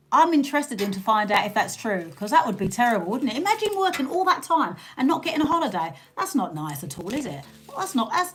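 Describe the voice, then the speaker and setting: A British woman hosting a casual live stream, chatting and laughing with her viewers and thanking them by name. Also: sits high. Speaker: livestream host.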